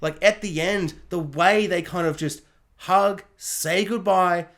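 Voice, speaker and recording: A film reviewer talking through a movie in a casual, chatty way, full of asides and fillers, now and then acting out characters in quick mock voices. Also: medium pitch, a bit bright.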